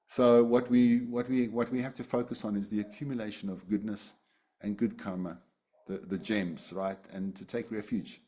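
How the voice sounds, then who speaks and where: Over a video call, a man teaches an online Buddhist class in a relaxed, conversational style full of fillers and restarts. His voice sits on the low side and moves at a normal speed.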